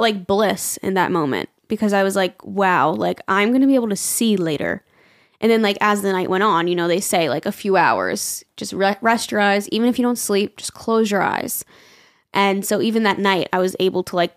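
Young woman on a podcast, chatty storytelling, swears and laughs a lot, mid-pitched voice. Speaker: podcast co-host. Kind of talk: casual chat.

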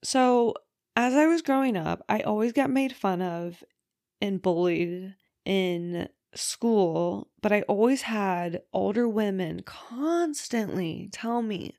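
A woman's voice: mid-range voice, slow, darkish tone, no room sound, clean studio sound. A woman hosting her own podcast, talking casually and candidly, with the odd swear word, from bed at home. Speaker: podcast host. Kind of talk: casual solo podcast chat.

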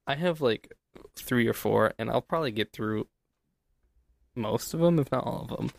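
A man's voice: medium pitch, moderate pace, vocal fry, dry recording. Laid-back man chatting on a podcast. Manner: laid-back, chuckling, rambling. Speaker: podcast co-host. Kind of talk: casual chat. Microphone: desk studio mic.

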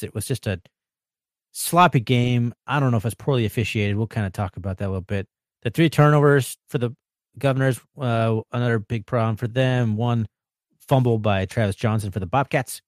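A man's voice: medium pitch, a little mellow, dry recording, clean studio sound. A man hosting a sports podcast, recapping a football game in a chatty way, rattling off stats with fillers.

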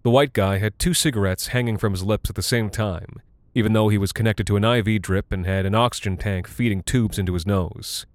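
Low-voiced, deadpan male storyteller. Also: a little fast, no echo. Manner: dry, deadpan first-person storytelling. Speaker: narrator. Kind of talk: scripted horror fiction narration.

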